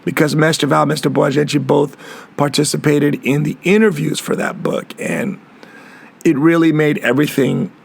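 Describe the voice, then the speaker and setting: A man's voice: on the high side, moderate pace, vocal fry, breathy edge. A middle-aged man hosting his own podcast as a capoeira master, talking earnestly and reflectively, often repeating and restarting his words. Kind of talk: reflective solo podcast monologue.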